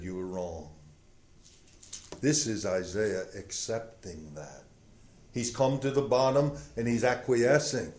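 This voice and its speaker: A man preaches a sermon in a room with a roomy echo. He acts out the quotes, swinging from loud, emphatic passages down to hushed ones. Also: medium pitch.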